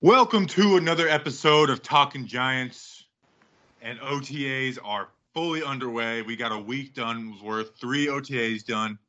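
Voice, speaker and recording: A man hosting a casual sports podcast, talking in a rambling, excitable way and acting out other people's quotes. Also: medium pitch, unhurried. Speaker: podcast host.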